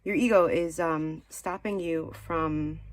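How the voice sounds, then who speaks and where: A woman's voice: low-pitched, fairly even intonation, slow pace. Chatty woman giving a rambling tarot reading. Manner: chatty, rambling, many "like" fillers and restarts; earnest, mildly scolding encouragement. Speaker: tarot card reader. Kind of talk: casual spiritual tarot reading.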